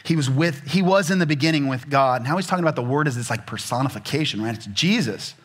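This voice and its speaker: A middle-aged man preaching a sermon in an easygoing, conversational style. He talks like he's chatting with friends, then jumps into loud, excited asides before dropping to soft, nearly whispered lines. His voice sits at an ordinary middle pitch for a man. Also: fast. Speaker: pastor.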